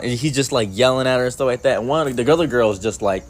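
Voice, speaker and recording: A young man telling a story in a casual, animated, rambling way with lots of fillers. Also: medium pitch, rapid-fire.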